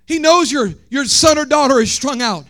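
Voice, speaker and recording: A male pastor, preaching a sermon that swings from shouted, sung lines to quiet talk. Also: very high voice, moderate pace. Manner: preaching, shouting and half-singing in rises, then dropping soft.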